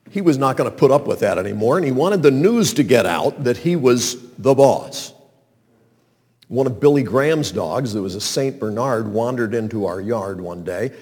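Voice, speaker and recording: Husky, lively man telling a story in a hall. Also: mid-range voice. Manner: animated storyteller, acts out calls and sounds. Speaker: speaker telling a story to an audience. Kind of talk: anecdotal sermon storytelling. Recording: long reverb of a large hall.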